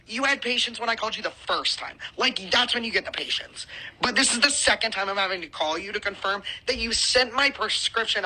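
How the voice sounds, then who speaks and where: A woman's voice: mid-range voice, pushed and bright, low-quality recording. A podcast co-host, a woman, venting about a frustrating situation in a furious, profanity-heavy storytelling rant.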